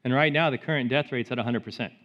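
A man preaching a sermon as pastor, rising to loud emphatic peaks and dropping to soft, hushed storytelling. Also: mid-range voice, fast talker. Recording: slightly dull sound with faint music behind.

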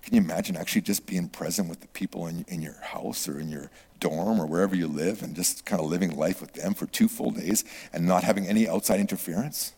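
A middle-aged man preaching a sermon, swinging from loud exclamations to hushed whispers. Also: deep voice, fast talker, hardly any pauses, husky. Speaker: pastor. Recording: long reverb of a large hall.

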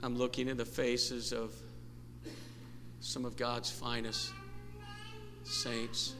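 A man preaching a sermon as pastor, impassioned and rising to shouts, in a church sanctuary. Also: medium pitch, level tone, takes it slowly, over music. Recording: long church hall reverb, faint noise.

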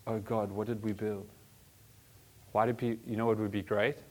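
A man in his forties preaching a sermon as a pastor, animated, joking with the congregation and swinging between soft and loud. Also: lowish voice, normal speed. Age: 40s. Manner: animated, varies loudness, jokes with congregation.

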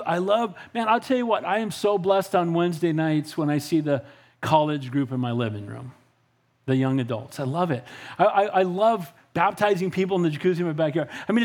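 A middle-aged man preaches with a high, bright voice that climbs and dips as he drives his points home. He keeps checking in with the congregation, calling for amens between lines. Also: fairly quick. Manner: animated preaching with frequent call-outs for amen. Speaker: pastor. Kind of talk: sermon.

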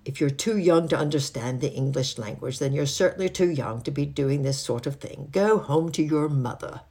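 Frosty upper-crust old lady, as a reader puts her on, storybook reading, a touch louder than the narration. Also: medium pitch, moderate pace, slightly rough. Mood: cold. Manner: cold, posh and disapproving. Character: stiff, posh old lady with eyeglass.

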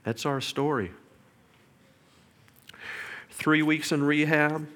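A man's voice: fairly high pitch, fairly even intonation, takes it slowly. A middle-aged man giving an earnest, emotional personal testimony as a father. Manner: earnest, emotional storytelling with quiet whispered prayers.

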